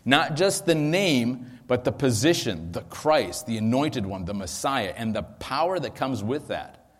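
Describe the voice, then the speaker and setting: A man preaches at middle pitch, talking through his points in a relaxed, conversational sermon style with frequent ums and restarts. He speaks into a microphone. His voice trails off into a long reverb from a large hall. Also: a little slow. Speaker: pastor. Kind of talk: sermon teaching.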